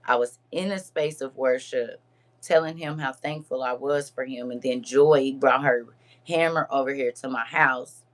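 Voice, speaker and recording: A woman's voice: a bass voice, moderate pace. A woman hosting a live stream, chatting expressively with her viewers while puffy-eyed from crying. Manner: chatty and expressive, addresses viewers as girl and honey. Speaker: livestream host. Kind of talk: casual chat to a live audience.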